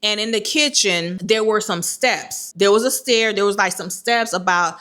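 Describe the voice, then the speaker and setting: Chatty woman telling a story, bright voice. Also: mid-range voice, normal speed. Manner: chatty, animated, addresses viewers directly. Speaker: vlogger. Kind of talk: casual storytelling to camera.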